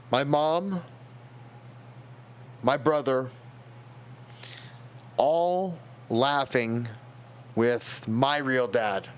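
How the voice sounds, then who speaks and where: A young man on a stream telling a personal story, tipsy, rambling and halting, growing emotional. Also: medium pitch, a bit bright, clean tone.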